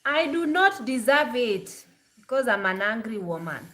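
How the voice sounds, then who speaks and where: A woman from Kenya, chatting bluntly and casually to the camera as a vlogger, quick to laugh. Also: fairly high pitch, very animated, a bit bright.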